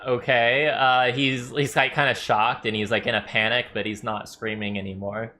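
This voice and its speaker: A man runs a tabletop game as game master, narrating scenes in a loose, rambling way full of fillers. His voice has a bright, forward edge at an average pitch. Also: flat delivery, normal speed, slight background noise.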